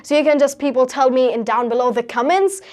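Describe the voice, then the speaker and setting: A woman's voice: high-pitched, fairly quick, a little mellow. A teenage girl from Haryana with an Indian English accent, giving a motivational talk and telling her story with lots of rhetorical questions. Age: teens. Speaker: guest speaker.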